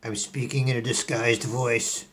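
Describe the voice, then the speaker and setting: A man putting on the voice of a grandiose, scheming billionaire tycoon in a comic impression, swinging from low mutters to yelling. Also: level tone, unhurried, natural voice.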